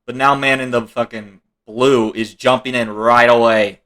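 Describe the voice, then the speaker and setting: A man riffs through a comedic reaction commentary on online videos. His voice is bright and forward, and he jokes, laughs and swears casually as he tries to explain what is going on. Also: medium pitch, fairly even intonation, moderate pace.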